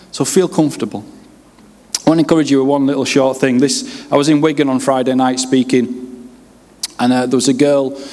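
A man in his late thirties from West Yorkshire, with a Yorkshire accent, preaching his personal testimony with humorous, lively storytelling. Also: fairly high pitch. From West Yorkshire, England. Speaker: pastor. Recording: reverberant hall.

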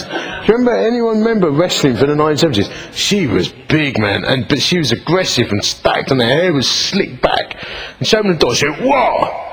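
A middle-aged man, a vicar telling a story in a sermon with lively, self-mocking delivery. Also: medium pitch, rough recording. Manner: animated, self-mocking, acts out voices in anecdotes.

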